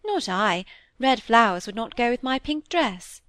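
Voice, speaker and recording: Careless, teasing young woman read by a woman, brisk storybook voice, dry sound. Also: on the high side, animated, fairly bright tone, no room sound. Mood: breezy. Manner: brisk, breezy, dismissive.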